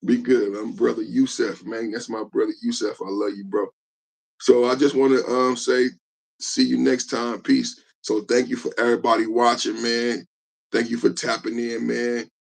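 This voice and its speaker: A man's voice: mid-range voice, flat delivery, moderate pace, vocal fry. A man hosting a live podcast, talking loosely and joking with viewers, tacking "man" onto his lines. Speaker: podcast host. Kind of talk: casual live-stream chat.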